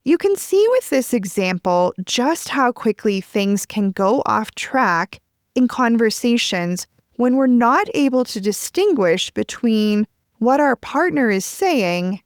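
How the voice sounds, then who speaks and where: Podcast host, woman, gentle and measured advice delivery, dry close studio sound. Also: fairly high pitch, dry recording. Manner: gentle, measured, acts out example phrases. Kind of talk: calm advice monologue.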